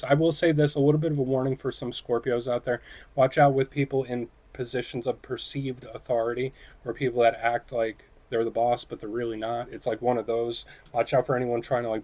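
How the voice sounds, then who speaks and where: A man with a mid-range voice gives a relaxed tarot reading to camera. He chats with his viewers like friends and keeps tossing in "right?" and "it's like". Now and then he slips into short acted quotes. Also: medium pitch. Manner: chatty, addresses viewers directly, acts out short quoted voices. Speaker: tarot reader.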